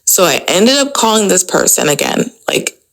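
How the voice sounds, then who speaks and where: A woman's voice: mid-range voice, very animated, moderate pace, poor audio. A woman hosting a podcast, telling a personal story in a casual, chatty way, full of "like" and "you know". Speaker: podcast host.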